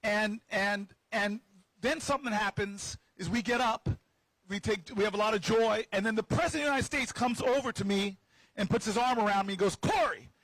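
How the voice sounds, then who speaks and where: A man with a high, husky voice tells a story to a crowd outdoors. He is playful and teases his listeners, often stumbling over and repeating his words as he goes. His voice sounds close and dry. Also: a little fast, fairly bright tone, dry recording, low-quality recording. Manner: stammering restarts and repeated words. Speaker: senator. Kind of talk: storytelling speech at an outdoor rally. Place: outdoors on building steps at a rally.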